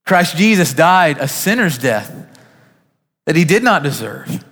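Earnest pastor preaching in a reverberant hall. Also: male voice, a little high, sing-song, a little slow. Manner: earnest, names listeners, rises to emphatic peaks then drops soft. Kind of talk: sermon. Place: church sanctuary.

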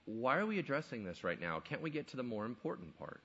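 A bewildered paralyzed man fires off question after question, as a preacher puts him on. The voice is husky and bright, with lively swings in pitch. The recording sounds dull and lo-fi. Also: fast talker, exaggerated voice. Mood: exasperated. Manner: exasperated questioning.

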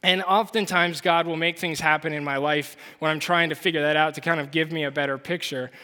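Man, young adult pastor, sermon, high bright voice, earnest conversational delivery, long hall reverb. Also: steady tone, a little fast. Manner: earnest, conversational, with restarts and rhetorical "right?".

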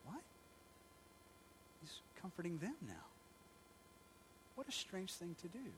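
A man's voice: high voice, sing-song, takes it slowly, long pauses, fairly bright tone, slight background noise. A male pastor preaching a sermon in a conversational storytelling manner, asking the congregation rhetorical questions.

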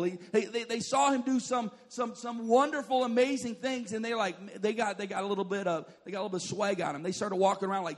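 A man preaching a sermon as a pastor, joking and telling stories, often saying "like" and calling on the congregation to respond. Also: high-pitched. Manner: joking, storytelling with asides to the congregation; says "like" often and calls for responses.

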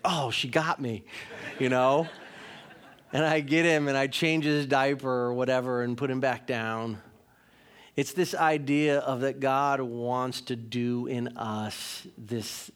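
A man in his thirties, a pastor giving a sermon in a conversational, candid way, with self-mocking humor. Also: mid-range voice.

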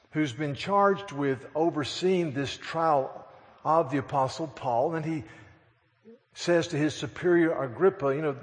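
A man preaching in a church sanctuary, voice a touch higher than most. He reads scripture dramatically and tells the story with animated asides. A long reverb trails every phrase. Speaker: pastor. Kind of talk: sermon.

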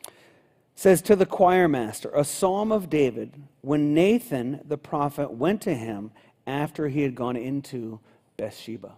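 A male pastor preaching a sermon in a church, earnest and unhurried, reading scripture slowly. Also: on the high side, expressive, dark tone. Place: church sanctuary. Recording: long church reverb.

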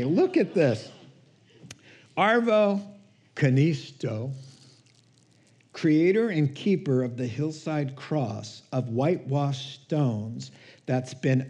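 A man preaching a sermon as pastor, slow and conversational, chuckling between points. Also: fairly high pitch, a little mellow.

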